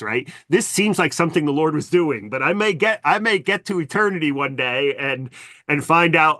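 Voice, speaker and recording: A man talking as a podcast guest and historian, animated and self-deprecating, full of asides and fillers. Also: on the high side, moderate pace, dry recording, studio quality. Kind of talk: casual conversational interview.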